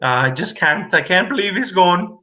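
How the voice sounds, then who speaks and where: A man's voice: high voice, expressive, normal speed, pushed and bright, highs cut off, pitched above the performer's own voice. A man voicing a crying old man mourning a friend at a graveyard in a tabletop game. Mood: grieving. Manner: wavering, tearful.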